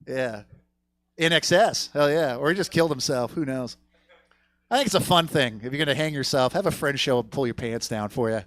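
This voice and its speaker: A man's voice: medium pitch, a little fast, a bit bright, dry recording. A man doing a stand-up comedy set on a theater stage, telling a rambling, crude story and working the crowd.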